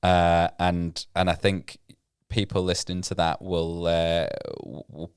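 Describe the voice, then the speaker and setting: A man's voice: low voice, flat delivery, a little slow, clean tone, no echo, studio quality. A man co-hosting a podcast in casual chat, speaking hesitantly with fillers. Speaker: podcast co-host.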